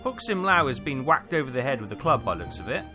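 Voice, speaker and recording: A man's voice: mid-range voice, very animated, quick pace. A man giving casual let's-play commentary, chatty and thinking aloud. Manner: chatty, muttering to himself as he thinks. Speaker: gaming video host. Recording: game music playing underneath.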